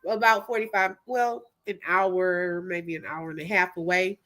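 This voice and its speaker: A woman's voice: fairly low pitch, fairly even intonation, a little slow, fairly bright tone. A middle-aged woman, hosting a casual livestream, chatting animatedly, laughing often and greeting viewers. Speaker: livestream host. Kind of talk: casual live-stream chat.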